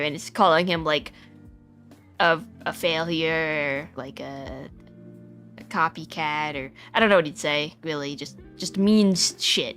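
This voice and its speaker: A woman's voice: on the low side, fairly bright tone. A woman chatting casually on her live stream, rambling through a story idea with lots of giggles and restarts.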